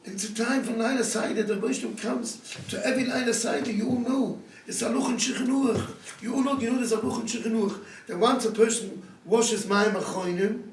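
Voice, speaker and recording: A man with a strikingly high voice gives an earnest storytelling sermon, pressing each point again and again. He sounds set back from the microphone. The room around him is echoey. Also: steady tone, fairly quick, hardly any pauses, a little hiss or hum. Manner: earnest, pleading, hammers points by repeating them. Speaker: rabbi giving a talk. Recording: echoey room, speaker far from the mic.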